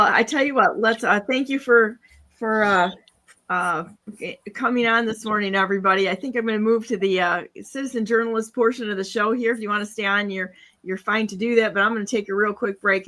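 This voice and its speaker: A woman's voice: mid-range voice, brisk, bright, forceful tone. A woman hosting a casual online talk show, chatty, with many fillers and restarts. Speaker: show host.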